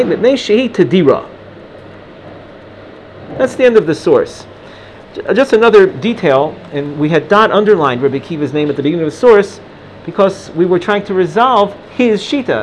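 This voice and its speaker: A man's voice: fairly high pitch, slight background noise. A man teaching a Gemara lesson, reading Aramaic lines in an Ashkenazi Hebrew pronunciation and translating them, with frequent restarts. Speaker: Talmud teacher.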